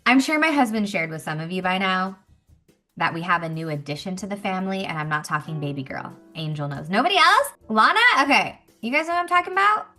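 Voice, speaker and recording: Bright animated woman telling a story. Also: medium pitch, fast talker, soft background music. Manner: animated, chatty, acts out quotes. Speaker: speaker at a women's business meeting. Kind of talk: casual storytelling talk to a group.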